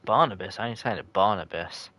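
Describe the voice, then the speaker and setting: A man with a low, deep voice casually narrates his football video game on a live stream. He chats loosely with viewers and calls them by name. He jokes in slang and swears when a match goes against him. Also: fairly even intonation, normal speed, bright, forceful tone. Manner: chatty and loose, answers chat viewers by name. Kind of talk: casual live-stream commentary, reacting to chat.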